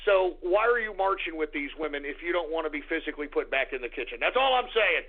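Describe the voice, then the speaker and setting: A man's voice: on the high side, lively intonation, fast talker. A man hosting talk radio, delivering an angry, crude, insulting rant. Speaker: radio host. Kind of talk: ranting talk radio monologue. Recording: tinny phone-like radio sound.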